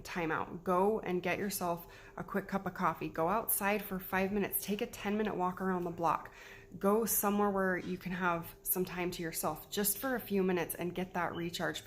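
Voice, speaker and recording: Woman, 30s, casual vlog tips, warm pep-talk delivery, lower pitch. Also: slight background noise. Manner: chatty, encouraging, repeats herself. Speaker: mom giving self-care tips.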